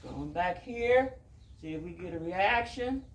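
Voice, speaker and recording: A man, a horse trainer talking casually through his work in a soft, hushing, calming voice, outdoors. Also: high voice, a little slow, roomy sound, slight background noise. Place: outdoors at a horse pen with farm birds.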